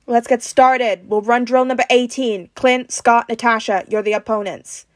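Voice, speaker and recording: A woman's voice: on the high side, normal speed, darkish tone, no room sound, close to an everyday voice. A woman voicing a firm male team leader giving orders in a read-aloud fan story. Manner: firm, directing.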